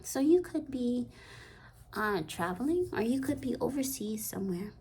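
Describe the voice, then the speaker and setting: A woman giving a rambling, soft-spoken tarot reading that often slips into a half-whisper. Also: a little high, animated, normal speed, slight background noise. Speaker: tarot card reader. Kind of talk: intuitive pick-a-card reading.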